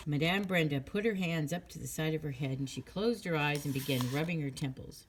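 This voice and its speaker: A woman narrating a children's chapter book in a clear, steady storytelling manner. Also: deep voice, a little fast, few pauses.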